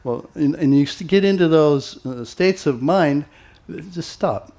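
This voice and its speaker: A man giving an informal spiritual talk to devotees in a relaxed, conversational way, with many pauses and acted-out quoted exchanges. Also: a little high. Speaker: monastic teacher.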